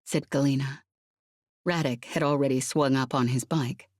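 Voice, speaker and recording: A woman narrating a sci-fi audiobook in a brisk, vivid reading style. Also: very deep voice, fairly even intonation, darkish tone, no echo, clean studio sound.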